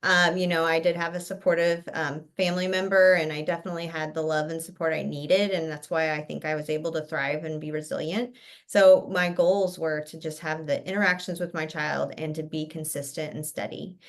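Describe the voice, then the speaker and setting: A woman's voice: deep voice, little pitch movement, a little fast. A woman pediatrician on a podcast, talking in an earnest, explaining way. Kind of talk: casual podcast conversation.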